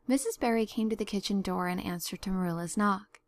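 A woman narrating a story as an audiobook reader, measured and expressive. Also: medium pitch, no echo. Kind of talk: scripted narration.

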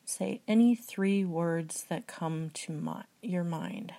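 A young woman with a Midwestern US accent, talking in a hushed, often half-whispered way with many hesitations, reading aloud and working through a word list. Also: on the low side, slow, gravelly. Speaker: video host. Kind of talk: soft-spoken accent tag and book reading.

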